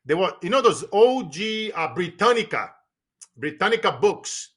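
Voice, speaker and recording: A man from Brazil with a Brazilian accent, a podcast guest telling stories in an animated, emphatic way and often laughing. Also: sits high, normal speed, husky. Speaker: podcast guest, business coach. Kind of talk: casual storytelling conversation.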